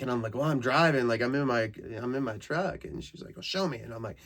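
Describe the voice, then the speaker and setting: Man, podcast host, casual comedic monologue, crude, rambling, laughs mid-sentence, medium pitch. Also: quick pace, few pauses. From Canada. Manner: crude, rambling, laughs through his stories.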